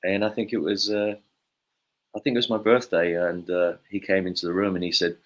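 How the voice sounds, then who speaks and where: A man with a lowish voice tells a long, meandering anecdote, full of "uh" and "um". He speaks in a relaxed, conversational way as an interview guest. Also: a little fast. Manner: rambling storyteller, many fillers. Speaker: guest bassist.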